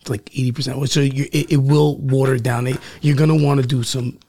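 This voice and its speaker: A man's voice: medium pitch, level tone, fairly quick, mellow. A man talking as a guest restaurant owner in a casual podcast chat, laid-back, full of fillers and repeated words.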